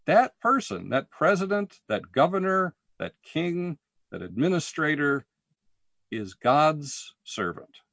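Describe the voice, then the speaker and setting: A man preaching a sermon, deliberate and emphatic, posing rhetorical questions. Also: a little high, very animated, gravelly, fairly bright tone, dry recording. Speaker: pastor.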